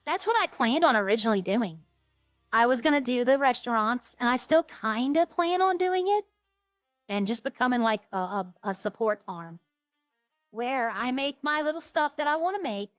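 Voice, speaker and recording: A woman's voice: fairly high pitch, animated, moderate pace, dry recording, faint music behind. A woman streamer chatting casually while she plays, rambling and thinking aloud. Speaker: roleplay game streamer. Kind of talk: casual gameplay chat.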